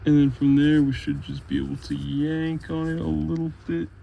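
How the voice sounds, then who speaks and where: This man, a car restoration hobbyist vlogger, talks at a moderate pace in a creaky voice on the high side, casually narrating step by step the repairs he's making in his garage. His manner is relaxed and chatty; the audio has its highs cut off and a little hiss or hum.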